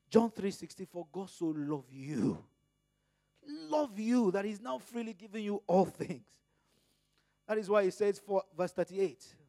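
This high-pitched, animated Nigerian preacher delivers his sermon with fervor, dropping from loud, emphatic lines to hushed asides. When he reads scripture, he draws it out slowly. No echo is audible.

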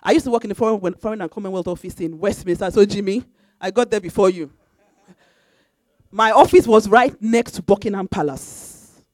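A woman's voice: mid-range voice, a little fast, darkish tone, no echo. A woman preaching a sermon in an emphatic, repetitive way, now and then breaking into sung phrases. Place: church.

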